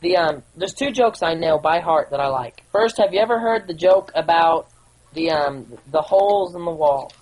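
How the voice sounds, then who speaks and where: Lowish-voiced woman cracking jokes and giggling over a game. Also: lively intonation, normal speed, a little mellow, rough recording. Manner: giggly, laughs at her own jokes. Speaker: gameplay commentator. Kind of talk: casual joke-telling.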